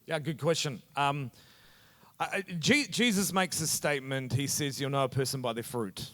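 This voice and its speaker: Man, middle-aged, New Zealand accent, pastor, earnest lively storyteller, mid-pitched voice, echoey hall reverb. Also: moderate pace. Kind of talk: casual conversation on a church stage. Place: church hall.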